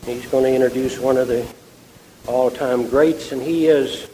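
A man's voice: mid-range voice, fairly even intonation, moderate pace, dark tone, slight background noise, rough recording. A man emceeing an event, cracking jokes and making chatty introductions. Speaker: master of ceremonies. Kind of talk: banquet emcee patter.

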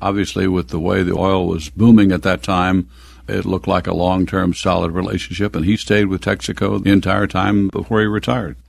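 A man's voice: sits low, level tone, normal speed, gravelly, dry recording. An older man from the American Midwest telling stories from his youth in an oral history interview, chuckling now and then.

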